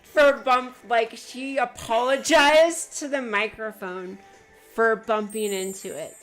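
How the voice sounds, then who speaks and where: Teasing woman co-host, quick to laugh. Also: on the high side, steady tone, faint music behind. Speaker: stream co-host. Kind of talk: casual chat.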